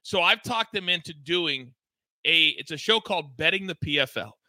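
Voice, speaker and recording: A man's voice: a little high, expressive, moderate pace, pushed and bright, dry recording. A man hosting a live sports betting show, talking in a hyped, emphatic, promotional way. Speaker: host.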